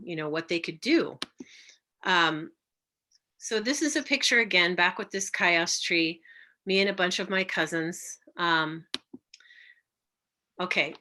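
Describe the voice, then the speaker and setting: Bright-voiced woman telling stories over slides. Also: lowish voice. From California. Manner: animated storyteller, quotes others with changing tone. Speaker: herbalist giving a talk. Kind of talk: presenting slides in a casual talk.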